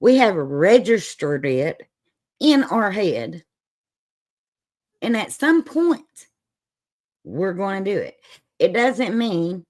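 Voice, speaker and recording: A woman's voice: medium pitch, a little mellow. A woman with an Appalachian Southern accent hosting a livestream, chatting in a folksy, sassy way and laughing often. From Southern United States, Appalachian holler. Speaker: livestream host. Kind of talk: casual chat on a livestream.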